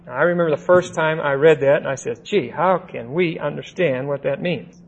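A man teaching the Bible verse by verse, deliberate, stressing single words and checking in with "see?" and "okay?". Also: a little high, vocal fry, breathy edge, dull audio.

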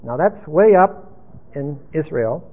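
Brief: male preacher teaching a sermon, husky and fairly high, tinny lo-fi sound. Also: animated, slow pace. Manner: emphatic, rambling teaching. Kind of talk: expository sermon.

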